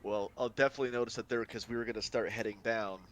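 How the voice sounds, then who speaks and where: A man's voice: fairly low pitch, steady tone, racing, very noisy. A man playing a tabletop game, rambling and thinking aloud about his character's moves. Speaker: player. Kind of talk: casual tabletop play.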